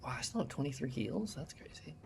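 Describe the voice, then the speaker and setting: A man streaming a hard video game live, talking to himself and his chat, excitable and swearing constantly. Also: medium pitch, fast talker, vocal fry, a little hiss or hum. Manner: excitable, swears a lot, talks to himself while playing. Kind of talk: live gameplay commentary. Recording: loud game music behind voice.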